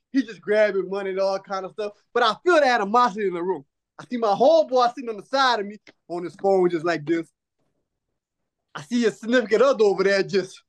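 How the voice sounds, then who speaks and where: A man's voice: sits high, quick pace. A man hosting a podcast, telling a long story in casual chat. He laughs often, swears and jokes freely, and acts out other people's lines in changed voices. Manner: animated, laughing often through his story; profane and joking. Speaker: podcast host.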